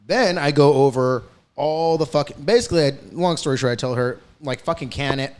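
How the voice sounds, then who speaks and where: A man's voice: a little high, a little fast, clear, resonant tone. A man telling a story in casual podcast chat, heated and profane, speeding up in bursts. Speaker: podcast host.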